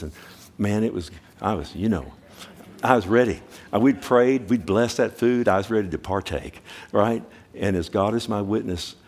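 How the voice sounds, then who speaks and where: A man's voice: fairly low pitch, a little mellow. A middle-aged male pastor preaching a sermon, telling stories with rising urgency and asking the congregation direct questions.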